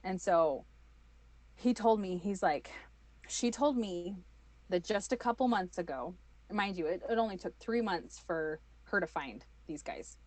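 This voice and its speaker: A woman, telling her own story as an interview guest, animated and full of fillers. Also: lowish voice, unhurried, dry recording. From United States. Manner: animated, acts out quoted voices, many fillers.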